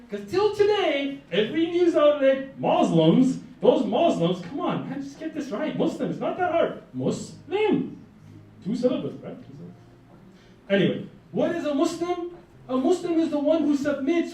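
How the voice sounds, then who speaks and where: A high-voiced man delivers a campus lecture on Islam to a live audience in a college lecture room, staying lively and conversational and asking listeners to respond. The room is very echoey and the mic sits far off.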